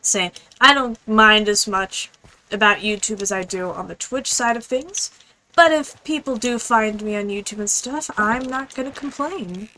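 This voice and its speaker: A young woman streaming a game, chatting casually in a rambling, fast, apologetic way. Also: medium pitch, sharp tone, rough recording. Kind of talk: casual gaming stream chat.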